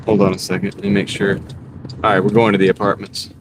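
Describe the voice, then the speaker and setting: A man chatting casually on a live stream while he drives deliveries, greeting viewers by name in a relaxed, rambling way. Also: on the low side, quick pace. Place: inside a moving car. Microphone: wireless clip-on mic. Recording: clear car road noise. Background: car and road noise.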